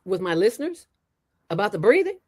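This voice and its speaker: A middle-aged woman, a former radio host and founder, talking as an interview guest in an animated, emphatic and playful way. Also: mid-range voice. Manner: fast talker from years on radio. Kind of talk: casual interview chat.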